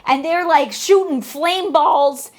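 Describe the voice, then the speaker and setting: A woman's voice: high voice, takes it slowly, slight background noise. A woman hosting a casual book club recap, chatty with lots of fillers and some swearing. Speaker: host.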